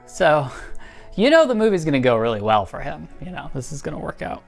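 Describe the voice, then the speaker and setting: Woman host, low voice, sarcastic and foul-mouthed, breaks into goofy voices to mock the characters. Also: very animated, brisk, vocal fry, over music. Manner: sarcastic, profane, mocks characters in silly quoted voices. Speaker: video essay host. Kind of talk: comedic movie review.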